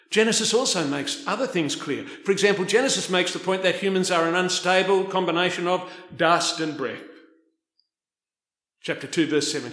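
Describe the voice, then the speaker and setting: A man delivers a sermon with emphatic bursts and then drops into hushed asides. His voice sits a bit high for a man. The sound carries a noticeable room echo. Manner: emphatic, rising and dropping between loud stresses and soft asides. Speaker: preacher.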